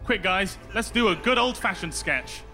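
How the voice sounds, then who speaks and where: Nervous male co-host, high lively voice, loud music behind. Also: normal speed. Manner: jumpy, nervous, flustered. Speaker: comedy podcast co-host. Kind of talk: scripted comedy banter.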